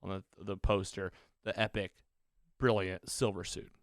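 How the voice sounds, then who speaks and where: A man talks in a loose, rambling way, full of fillers, as he retells a story on a podcast. His voice sits on the low side. The sound is dry and close, with no room echo. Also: flat delivery, normal speed. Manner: loose, rambling, with many fillers and quoted lines. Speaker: podcast co-host. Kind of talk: casual chat, retelling a TV episode. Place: podcast studio.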